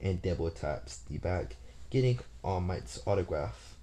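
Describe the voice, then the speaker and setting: Male storyteller, deep and mellow voice, loosely improvising a fan story while working out the plot aloud. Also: animated, a little slow, a little hiss or hum. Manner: thinking aloud, plotting as he goes. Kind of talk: casual improvised story retelling.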